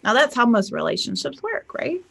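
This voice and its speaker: A woman's voice: on the high side, sing-song, normal speed, gravelly, a bit bright. A woman life coach giving casual relationship advice in a chatty storytelling manner, acting out bits of dialogue. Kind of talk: casual advice talk to viewers.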